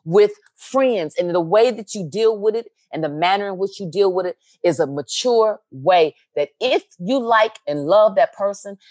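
A woman talking casually on a talk show, acting out what people said. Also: on the low side. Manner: animated, acts out quoted dialogue.

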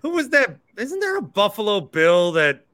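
Man hosting a podcast, bright clear voice, a bit high, teasing casual banter. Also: wildly swooping pitch, moderate pace. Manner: joking, teasing callers. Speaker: podcast host. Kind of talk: casual call-in chat.

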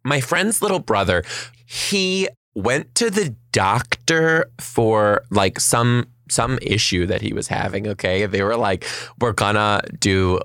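A low-voiced man with a gravelly edge tells a story at a quick, lively clip. He swears freely and slips into voices for the people in it. The sound is dry and close. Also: dry recording. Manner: fast, animated storyteller, acts out voices, swears. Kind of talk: casual storytelling chat.

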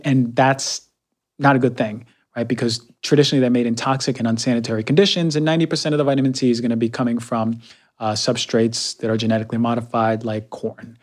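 A young adult man talking casually while reviewing health products, energetic and conversational, often using fillers and repeating words. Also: medium pitch, fast. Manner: frequent fillers like um and right. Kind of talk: casual monologue.

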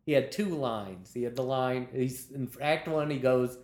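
A man, a television comedy writer, telling behind-the-scenes anecdotes in a lively way, laughing as he talks and acting out what people said. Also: medium pitch, a little slow, roomy sound. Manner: lively storyteller, laughs while talking, acts out quotes.

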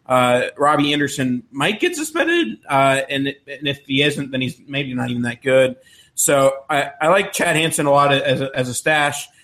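A man's voice: mid-range voice, expressive, moderate pace, bright, forceful tone. A man co-hosting a podcast, steadily laying out his analysis in casual chat. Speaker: podcast co-host.

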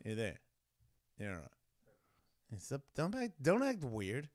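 A man's voice: medium pitch, huge pitch swings, measured pace, a little mellow, dry recording. A man with an Australian accent hosting a casual show, laughing often and swearing freely. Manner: laughing, crude, swearing a lot. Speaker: host. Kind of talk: casual live show chat.

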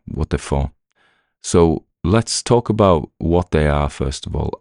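A man's voice: very deep voice, darkish tone, no echo, clean studio sound. A man with a Northern English accent, a podcast narrator talking casually and self-deprecatingly to his listeners, with many fillers and restarts. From Northern England. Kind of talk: rambling casual talk to listeners.

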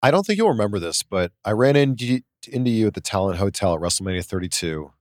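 Low, lively-voiced man from Canada. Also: fast talker, dry recording, studio quality. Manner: easygoing, affirming, asks questions. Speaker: interview host. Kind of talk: casual interview chat.

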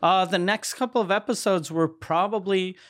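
A man's voice: high-pitched, normal speed, a bit bright. A man co-hosting a podcast, chatting casually, teasing and bantering with his partner. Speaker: podcast co-host. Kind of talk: casual chat.

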